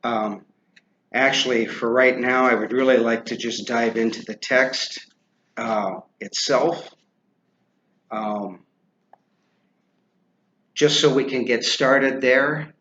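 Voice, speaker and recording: Guy lecturing a class, lots of ums, slow, kinda muffled lo-fi recording with a little hiss. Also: mid-range voice, steady tone, fairly bright tone. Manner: halting, many ums and uhs, spells names aloud. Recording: roomy, dull lo-fi with faint noise.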